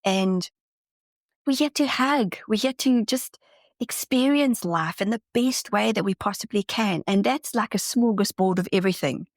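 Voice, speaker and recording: A woman's voice: medium pitch, moderate pace, no room sound, studio quality. A woman guest in a casual interview, talking earnestly and enthusiastically, often restarting her sentences. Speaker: podcast guest, spiritual channeler.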